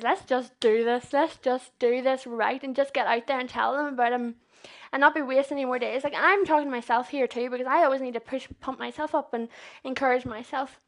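A young woman with a Northern Irish accent giving an informal, earnest sermon in a chatty way, often checking whether the listeners follow her. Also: high voice. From Northern Ireland. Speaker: young preacher.

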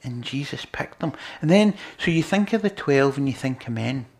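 Male preacher, gravelly, earnest sermon delivery with loud and hushed passages. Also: mid-range voice, animated, moderate pace. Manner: earnest, swings between loud emphasis and quiet near-whispers.

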